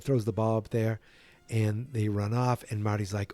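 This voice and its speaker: A man's voice: lowish voice, normal speed, dark tone, no echo. A man hosting a podcast, retelling a film from memory in a rambling, self-correcting way and yawning as he goes. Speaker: podcast host.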